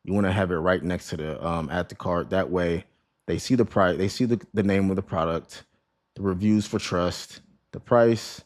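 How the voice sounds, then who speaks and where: Man, very low voice, casual screen-share lesson, chatty, keeps asking "right?", restarts words often. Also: steady tone, normal speed. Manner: conversational, repeats "right?" and "you know what I mean?", restarts words. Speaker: online business course creator.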